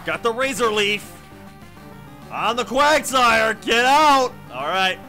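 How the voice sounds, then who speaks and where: A chatty man hosting a game playthrough, talking straight to his viewers with excitable bursts. His throat sounds hoarse, and the voice is bright and gravelly with a lively, high pitch. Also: a little slow, faint music behind. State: hoarse, coughing. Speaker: let's play host. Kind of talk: game commentary.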